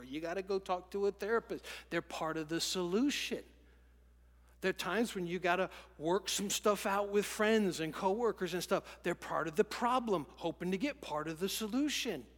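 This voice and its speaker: A man preaching a sermon in an animated way, acting out quoted lines and dropping to a whisper for emphasis. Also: high voice, in a large hall. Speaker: pastor.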